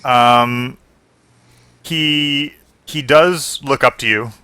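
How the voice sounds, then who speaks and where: A man narrating as game master in a tabletop game, pausing often with fillers and restarts. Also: mid-range voice, fairly even intonation, sharp tone, smooth, no echo. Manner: hesitant, with many fillers and restarts.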